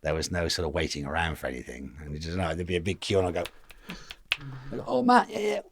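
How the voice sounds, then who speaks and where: A man's voice: a bass voice, quick pace, dry recording, studio quality. A man in his fifties from England, telling stories as a guest in a casual interview, rambling and acting out the voices of the people he quotes. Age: 50s.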